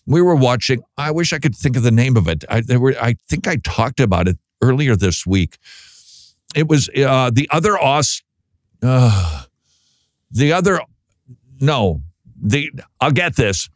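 Rambling Minnesotan radio host. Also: male voice, mid-range voice, very animated, unhurried, pauses often, no room sound, clean studio sound. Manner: rambling, jokey, searches aloud for words. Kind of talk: casual radio talk.

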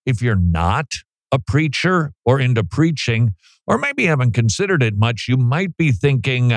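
A man's voice: mid-range voice, sing-song, unhurried, no echo, studio quality. A man hosting a talk radio show, chatting casually with joking, self-deprecating asides.

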